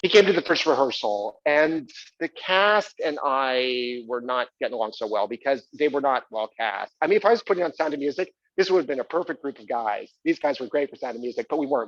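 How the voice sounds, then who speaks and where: A man's voice: mid-range voice, expressive, a little fast, no room sound, highs cut off. Hesitant man telling a stage monologue. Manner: hesitant, lots of fillers. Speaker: solo stage performer.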